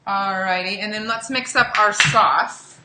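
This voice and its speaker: A woman's voice: mid-range voice, fairly even intonation, measured pace, roomy sound, background noise. A woman hosting a casual live cooking demo, chatting with viewers as she cooks in a home kitchen. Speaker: cooking show host.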